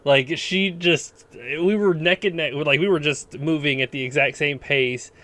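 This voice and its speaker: Man podcast co-host, somewhat higher voice, playful and teasing. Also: measured pace, pushed and bright. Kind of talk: casual gaming chat.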